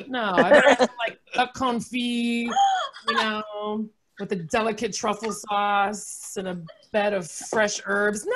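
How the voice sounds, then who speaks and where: A woman in her forties doing a sarcastic, animated stand-up comedy set, laughing often between jokes. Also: medium pitch, measured pace. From United States. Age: 40s.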